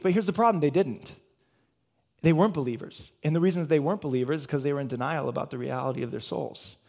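A man preaching a sermon as a pastor, earnest and building his points through repeated cause-and-effect chains. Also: high voice.

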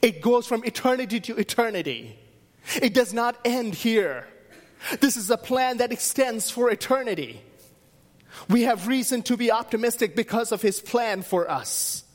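A man's voice: very high-pitched, animated, moderate pace. A man preaching a sermon as pastor, driving his points home through repeated, emphatic refrains.

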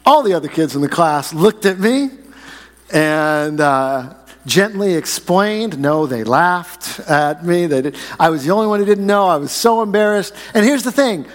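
A man in his forties preaches in a church sanctuary with a slightly high, conversational voice, tossing questions to the pews and drawing out key words. A long reverb hangs after each phrase. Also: animated. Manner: conversational, asks the congregation questions, slows to stress key phrases. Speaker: pastor. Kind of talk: sermon with jokes and a story.

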